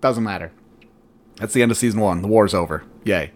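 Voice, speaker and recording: A man co-hosting a podcast, giving a sarcastic, profane and animated retelling in casual chat. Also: lowish voice, a little fast. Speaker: podcast co-host.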